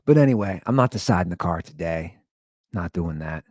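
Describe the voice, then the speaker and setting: A male podcast host talking casually and rambling through a story. His voice swings widely in pitch as he tells it, and the sound is close and dry with no room echo. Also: expressive, fairly quick, a little mellow. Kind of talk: casual monologue.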